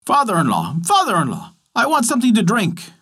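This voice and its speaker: A man voicing a greedy, demanding male frog in a storybook tale, shouting and croaking his orders. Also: high voice, wildly swooping pitch, brisk, voice pushed up, heavily acted. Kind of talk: storybook character voice.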